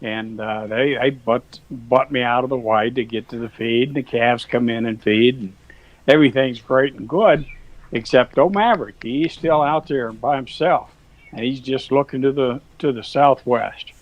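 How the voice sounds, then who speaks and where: Folksy rancher man, mid-pitched, dry close sound, rambling storyteller. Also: moderate pace, dry recording, lo-fi sound. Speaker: guest, cattle rancher. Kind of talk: casual storytelling.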